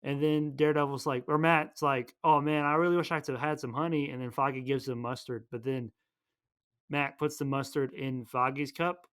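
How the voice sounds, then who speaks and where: A man casually retelling a movie plot as a podcast host, rambling and playful, tossing in quick voices for each character. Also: medium pitch, fairly even intonation, fairly bright tone.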